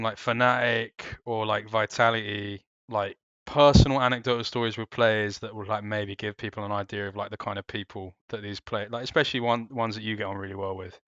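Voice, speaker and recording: A man's voice: fairly low pitch, steady tone, fairly quick, hardly any pauses, a bit bright, clear, resonant tone, dry recording, highs cut off. A young man hosting a casual interview, prompting his guest for stories and swearing freely. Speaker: interview host.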